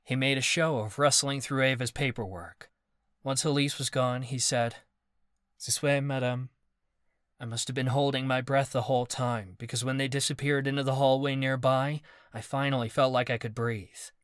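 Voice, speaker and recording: A man narrating a first-person fantasy audiobook in a steady, measured way. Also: mid-range voice, dry recording, studio quality.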